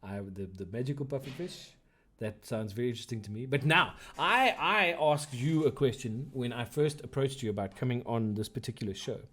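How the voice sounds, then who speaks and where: A man hosting a casual live-streamed podcast, playful and quick to laugh as he reads chat comments aloud. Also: mid-range voice, fairly bright tone, slightly rough. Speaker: podcast host.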